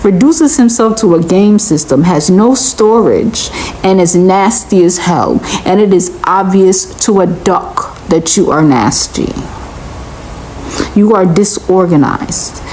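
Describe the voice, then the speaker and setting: A woman delivers a reaction commentary at an unhurried, deliberate pace. She sounds incredulous and lectures steadily, repeating her point over and over. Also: fairly low pitch, animated, darkish tone, a little hiss or hum, poor audio.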